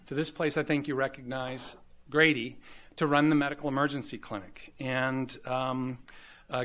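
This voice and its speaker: This Southern American grand rounds speaker, in his fifties, sounds fairly high-pitched and a bit bright. Lecturing on medicine in a lecture hall, he tells it all as personal stories, saying um and you know constantly.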